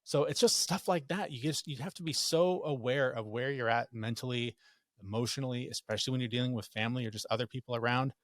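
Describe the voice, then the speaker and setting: A man's voice: mid-range voice, quick pace, no echo, clean studio sound. A middle-aged man, a podcast guest, telling a family story in casual talk and acting out the quotes. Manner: animated, acts out quotes in raised voice.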